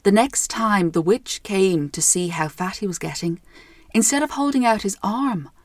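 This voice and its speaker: A woman's voice: mid-range voice, animated, moderate pace, dry recording. Irish woman reading a story. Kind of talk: storybook narration.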